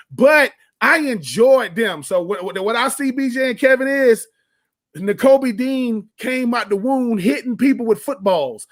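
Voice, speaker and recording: A man's voice: very high-pitched, fairly bright tone. A man hosting sports radio commentary. He talks in an emphatic, folksy way, preaching in repeated phrases and restarting often.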